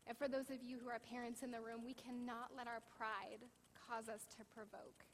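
A woman's voice: a little high, big-room sound, a little hiss or hum, low-quality recording. A woman in her thirties preaching a sermon in a church, telling personal stories in a candid, conversational way. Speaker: pastor.

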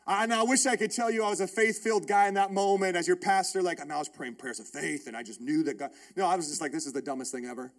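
A man in his thirties, a pastor, preaching a sermon built around a personal story, told in an animated, emphatic way with repeated phrases. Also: high-pitched, fast talker, few pauses.

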